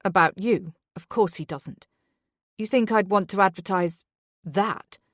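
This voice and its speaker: A woman's voice: medium pitch, a little slow, dry recording, studio quality, natural voice. Woman voicing a cold, curt husband. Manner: curt, flat and spiteful. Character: cold, guarded husband protecting his children.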